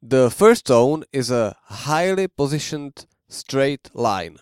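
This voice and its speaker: Slow, clear-voiced male language teacher. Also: mid-range voice, animated, no echo, clean studio sound. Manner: slow, careful explanation with modeled tone examples. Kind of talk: scripted language lesson.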